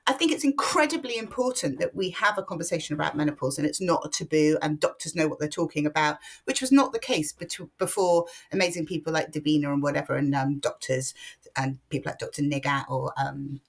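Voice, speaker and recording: Female journalist, fifties, low-pitched, articulate and emphatic in interview. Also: brisk, gravelly. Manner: articulate, emphatic, lists ideas in runs. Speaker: guest, journalist and author. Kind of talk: podcast interview.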